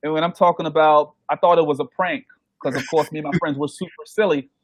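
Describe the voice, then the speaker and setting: A man tells stories from his DJ career, slipping into quoted voices and laughing as he goes. His voice sits a little high for a man. The sound is dry and close, with no room in it. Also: fast talker, no room sound. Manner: animated, acts out quoted voices, laughs often. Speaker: DJ guest. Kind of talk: casual interview storytelling.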